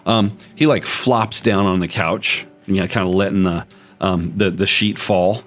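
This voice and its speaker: A man's voice: deep voice, fairly even intonation, normal speed, fairly bright tone. A man narrating as game master, describing scenes in a loose, rambling way.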